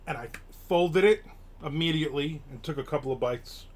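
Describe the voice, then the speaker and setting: A middle-aged man hosting a live stream, rambling casually with lots of fillers and sudden bursts of excitement. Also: fairly high pitch, fairly quick. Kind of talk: casual chat, reading and answering chat.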